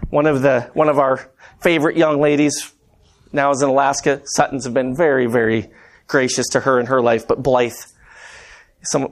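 A man preaching a conversational sermon, telling stories and calling the congregation "guys". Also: a little high. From Montana. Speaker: preacher and math teacher.

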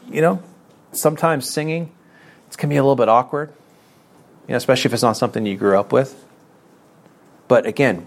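Gravelly-voiced middle-aged man preaching. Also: fairly low pitch. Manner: earnest, conversational, self-deprecating, repeats phrases. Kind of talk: sermon.

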